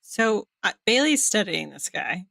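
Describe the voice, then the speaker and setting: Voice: medium pitch, sing-song, a little slow, vocal fry, bright, forceful tone, no echo. A tabletop game player asking curious questions about a character.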